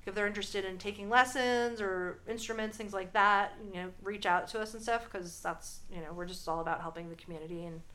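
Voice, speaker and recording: A woman musician, a guest on an interview show, chatting casually and often filling pauses with "you know" and "like.". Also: medium pitch, steady tone, pushed and bright.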